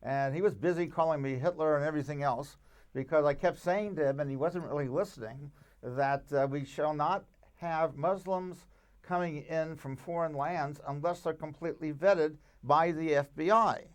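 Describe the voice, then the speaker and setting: A man's voice: a little high, moderate pace. A man, a rabbi guest in a conversational interview, speaking emphatically and arguing with rhetorical questions.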